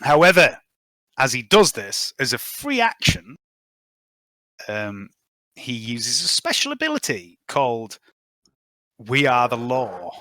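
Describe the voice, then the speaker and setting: A man narrating a tabletop game as game master, chuckling and quickly reading out dice results. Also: medium pitch, wildly swooping pitch, pushed and bright, dry recording.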